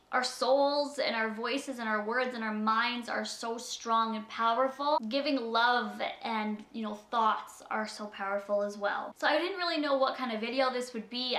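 Young woman vlogger, soft-spoken, bright tone, roomy echo, unscripted. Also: a little high. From Canada. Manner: soft-spoken, halting, many fillers. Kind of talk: unscripted personal vlog.

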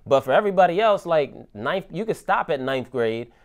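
A man's voice: on the high side, very animated, brisk. A man co-hosting a casual podcast chat, talking in a slangy, agreeable way and saying "bro" often. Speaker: podcast co-host.

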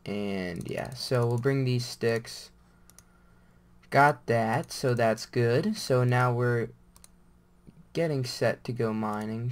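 Rambling man thinking aloud over gameplay. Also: medium pitch. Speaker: gamer. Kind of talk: casual gameplay commentary.

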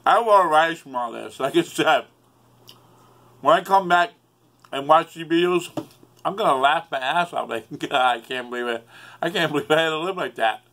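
A man's voice: a little high, normal speed, pauses often, pushed and bright. A man rambling emotionally in a solo vlog, swearing often and close to tears. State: upset, near tears. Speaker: YouTuber.

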